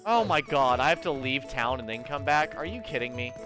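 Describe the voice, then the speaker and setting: A man streaming a video game live, ranting and excitable in casual commentary, swearing freely at the game and chatting to his viewers. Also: medium pitch, brisk. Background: game music.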